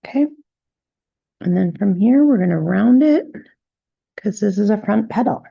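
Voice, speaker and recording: A woman teaching a step-by-step drawing tutorial, gently talking through each stroke and checking in with "right?" as she goes. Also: mid-range voice, lively intonation, measured pace, vocal fry, slightly rough, no echo, lo-fi sound. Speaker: drawing instructor.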